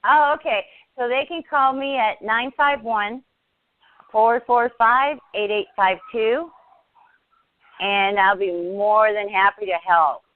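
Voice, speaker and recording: A woman speaking as an interview guest, earnest and halting, often restarting her sentences. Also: fairly high pitch, dry recording. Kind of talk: casual interview chat. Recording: tinny dry phone line.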